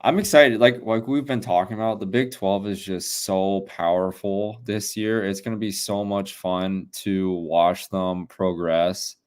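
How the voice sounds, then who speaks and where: A man with a very low voice co-hosts a sports podcast. He talks in a loose, rambling way, laughing often and swearing casually. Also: steady tone, a little slow, few pauses, clear, resonant tone. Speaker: podcast co-host.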